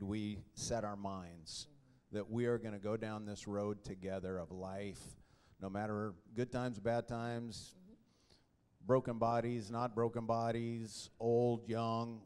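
A middle-aged man preaching a sermon in an animated, joking way. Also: medium pitch. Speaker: pastor.

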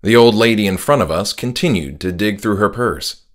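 A man reading his own horror story aloud, narrating in the first person with an expressive storytelling cadence. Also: low-pitched, normal speed.

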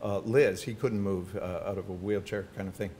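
Older male speaker with a lowish voice, chatty anecdotal delivery at a podium mic over a faint background rumble. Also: fairly even intonation, moderate pace. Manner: warm anecdotal storytelling with asides. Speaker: featured speaker at a symposium. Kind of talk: personal talk to an audience. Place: university hall with audience. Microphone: podium microphone.

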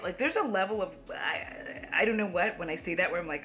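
A young woman talks makeup at home in a blunt, sassy way, with casual swearing along the way. Her voice is bright and sharp, sitting in a middle pitch for a woman. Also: big pitch swings, moderate pace. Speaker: beauty YouTuber.

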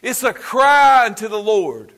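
Preacher guy, high bright voice, fervent sermon, loud then quiet, lots of restarts. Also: sing-song, measured pace. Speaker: pastor. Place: church.

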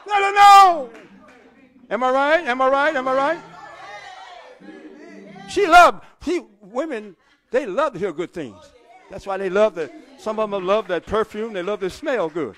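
A man's voice: very high-pitched, animated, measured pace, long pauses, a faint crowd. Middle-aged male pastor, call-and-response sermon from the pulpit, faint congregation behind. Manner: call-and-response preaching, rising to shouts. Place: church pulpit.

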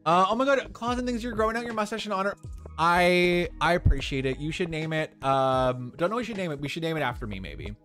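Chatty young man streaming with soft music. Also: sits high, quick pace. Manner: chatty, answers chat questions warmly with many fillers. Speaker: streamer playing a farming game in drag. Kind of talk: casual live-stream chat.

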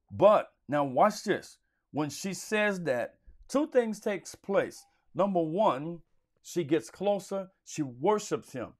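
A man's voice: fairly high pitch, animated, slow. A man teaching a Sunday school Bible lesson in a preacherly, emphatic way, repeating phrases for stress.

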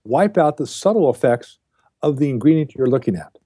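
A man's voice: mid-range voice, sing-song, fairly quick, mellow, slightly rough, dry recording, studio quality. An older man speaking as a guest on a podcast interview, lecturing bluntly and with emphasis. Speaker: guest, diet researcher.

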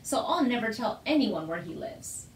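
A woman voicing an earnest young farm boy in a storybook, speaking high and eagerly, recorded in an echoey room. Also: big pitch swings, moderate pace, distant mic, slight background noise. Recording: roomy echo.

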